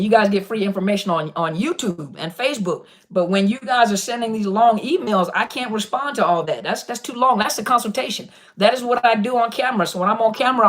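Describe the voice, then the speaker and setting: A woman coaching on narcissist abuse, talking casually and directly to viewers in a live-stream Q&A, with a habit of repeating "listen". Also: mid-range voice.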